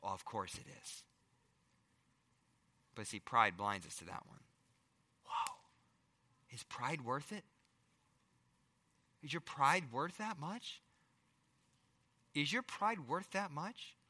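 A middle-aged male pastor preaching a sermon, firing rhetorical questions and swinging between loud emphasis and hushed asides. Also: on the high side, lively intonation, slow, long pauses, long reverb tail.

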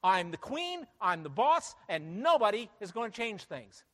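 A proud, arrogant queen declares herself above all sorrow, loud and high-pitched, put on by a male preacher. Her boasting rides up and down in pitch. The voice rings out in a reverberant hall. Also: lively intonation, normal speed, full character voice. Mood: defiant.

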